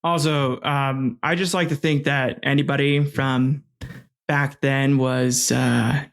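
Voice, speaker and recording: A man's voice: medium pitch, fairly even intonation, slow, vocal fry, a bit bright. A man hosting a comedic history podcast, talking casually and jokingly, swearing and stumbling over names. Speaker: podcast host.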